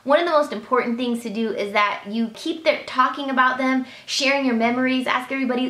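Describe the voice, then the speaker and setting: Sincere emotional woman vlogging, kinda high voice, roomy echo. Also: quick pace, hardly any pauses, fairly bright tone. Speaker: beauty vlogger. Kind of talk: heartfelt personal talk to camera. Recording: echoey room.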